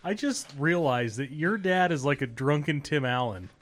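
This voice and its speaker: A man's voice: fairly high pitch, animated, normal speed. A man joining a casual podcast chat, teasing the others and cracking jokes. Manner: teasing, wisecracking. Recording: noisy background.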